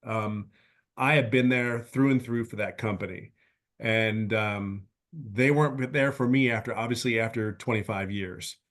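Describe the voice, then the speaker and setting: A man in his fifties giving a heartfelt personal testimonial on a webinar video call, speaking earnestly in halting, restarting sentences. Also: fairly low pitch, a bit bright.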